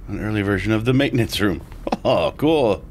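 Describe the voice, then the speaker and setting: A young man giving let's play commentary, with loud, reactive outbursts. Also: lowish voice, animated, fairly quick, slight background noise. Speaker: gaming YouTuber.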